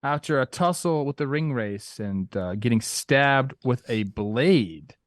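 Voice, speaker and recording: A young man co-hosting a casual sports talk show, animated and playful, acting out quotes in goofy voices. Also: mid-range voice, a little slow, no echo. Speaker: podcast co-host.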